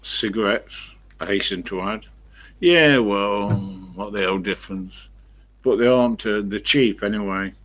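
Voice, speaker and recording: A man's voice: lowish voice, a little slow, a bit bright. A man with an East Midlands accent, chatting casually at home to his live-stream viewers and rambling through anecdotes at a desk mic. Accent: East Midlands English. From England. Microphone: desk microphone he leans away from.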